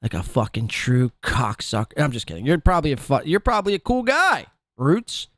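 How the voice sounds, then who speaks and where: A man's voice: on the high side, big pitch swings, a little fast, fairly bright tone, dry recording. A man hosting a podcast in a casual, crude, mocking way, swearing freely. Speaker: podcast host.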